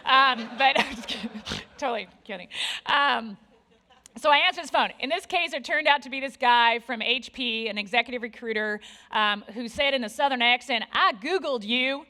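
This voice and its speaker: A woman in her forties giving a candid, self-deprecating conference talk on stage, with lively asides to the audience. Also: a little high, moderate pace. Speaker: conference speaker.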